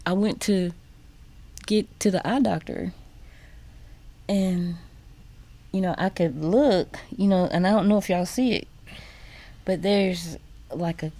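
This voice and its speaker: Slow, mellow-voiced woman. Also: lowish voice. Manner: halting, repeats words, drops to whispers. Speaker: guest. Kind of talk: personal testimony in a radio interview. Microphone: studio microphone.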